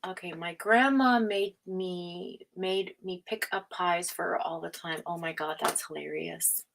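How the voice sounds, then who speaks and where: A woman hosting a live tarot stream, chatting casually, reading out viewer comments, laughing often and slipping into hushed asides. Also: fairly low pitch, fairly even intonation, measured pace, vocal fry, slight background noise.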